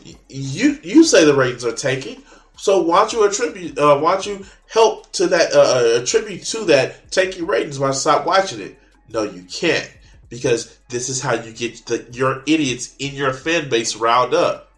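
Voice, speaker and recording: A man's voice: fairly high pitch, animated, unhurried, a bit bright. A man hosting a reaction video, ranting casually with mocking sarcasm and a lot of swearing. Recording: echoey room.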